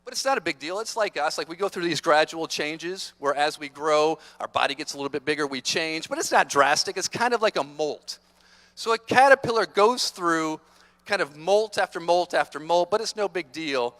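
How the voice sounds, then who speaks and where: A man giving an energetic, playful motivational talk to students, teasing the audience, on a stage microphone in a large conference hall. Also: a little high, normal speed. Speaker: motivational speaker.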